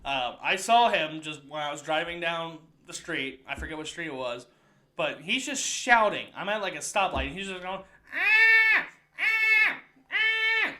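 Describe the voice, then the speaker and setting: A young man from the Midwest with a high voice, co-hosting a crude comedy podcast. His tone is very bright and sharp. He tells rambling, profane stories and acts out the people in them. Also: animated, normal speed, roomy sound. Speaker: podcast co-host. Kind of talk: casual comedic storytelling.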